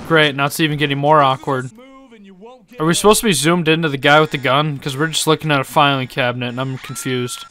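A man giving casual, joking gameplay commentary as a gaming YouTuber, excitable and quick to laugh. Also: a little high, clean tone.

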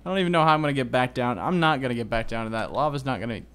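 Excitable man narrating his gameplay. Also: mid-range voice, very fast, clear, resonant tone. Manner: excitable, yelps and groans at setbacks. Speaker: gaming video host. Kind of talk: Minecraft let's play commentary.

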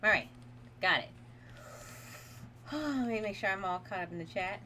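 Playing a horror game on stream, a woman keeps up a chatty running commentary to her chat, laughing a lot and nervously talking herself through the scares. Her medium-pitched, expressive voice has a sharp tone at normal speed, with slight background noise.

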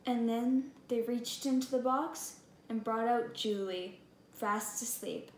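High woman reading a storybook, slow and expressive, echoey room with faint hum. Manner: expressive and deliberate. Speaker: storybook reader. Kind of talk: reading a picture book aloud.

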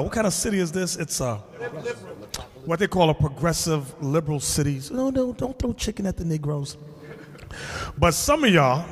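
A man preaching in an animated, emphatic way, mixing street talk with scripture in a reverberant hall. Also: high voice. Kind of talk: sermon-style teaching.

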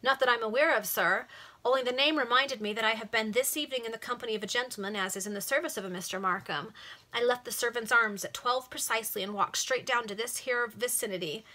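A woman voicing a rough, working-class male stable hand who talks dry and blunt in ungrammatical speech. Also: a little high, quick pace, bright, forceful tone.

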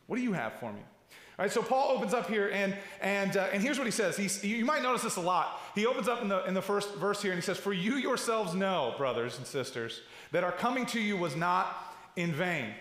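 Bright, high-voiced pastor preaching. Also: male voice, animated, brisk. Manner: conversational, restarts and asides, rhetorical questions. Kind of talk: sermon. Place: large church hall. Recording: echoey church hall.

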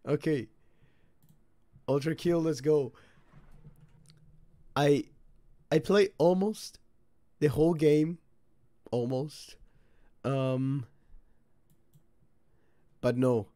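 A man's voice: on the high side, drawn-out words, long pauses, no echo, clean studio sound. A man streaming a game live, chatting casually and swearing as he reacts to the action. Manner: swears and reacts loudly while playing. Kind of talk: casual live gameplay commentary.

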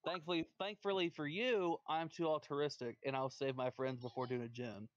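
A man's voice: on the high side, fairly even intonation, normal speed, no room sound, dull audio. A man trash-talking another player on a stream voice chat, scornful and taunting, repeating his insults. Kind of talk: trash talk between matches.

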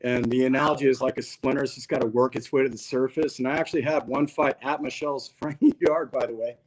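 A man's voice: medium pitch, fairly even intonation, fast talker, poor audio. A man as a podcast guest, telling a long story in a casual, slangy, laid-back way. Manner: laid-back, slangy, peppers talk with "dude".

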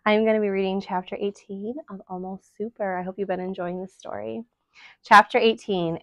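A woman reading a children's novel aloud to school families, in steady storytelling narration. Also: mid-range voice, normal speed, no room sound. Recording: dull, dry lo-fi recording.

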